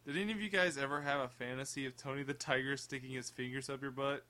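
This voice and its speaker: A man's voice: mid-range voice, fairly even intonation, fast, bright, forceful tone. A young man co-hosting a casual chat, cracking goofy, crude jokes. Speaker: podcast co-host.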